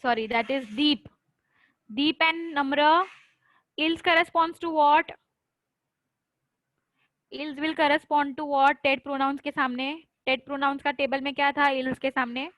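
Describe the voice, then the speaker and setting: A woman tutoring French online, mixing English and Hindi, drilling her students with quick questions and repetition. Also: high-pitched, bright, forceful tone, dry recording, poor audio.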